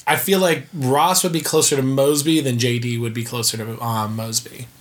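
A man talking casually as a co-host at a middling pitch. He rambles, trails off mid-thought and swears easily. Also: flat delivery, moderate pace. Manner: rambling, loose, fills with "like" and swears. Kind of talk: casual chat.

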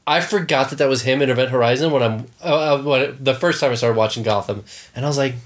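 A man co-hosting a casual chat, telling animated stories with sudden shouts and acted-out quotes, swearing freely. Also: mid-range voice, fast.

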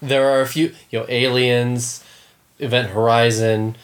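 Animated, swearing man in casual chat. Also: medium pitch, unhurried. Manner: animated storyteller with swearing and acted-out quotes.

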